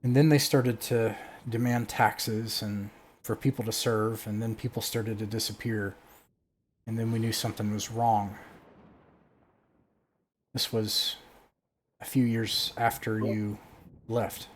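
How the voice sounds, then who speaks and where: A man narrating as game master, halting, with many fillers and restarts. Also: on the low side, little pitch movement, slight background noise.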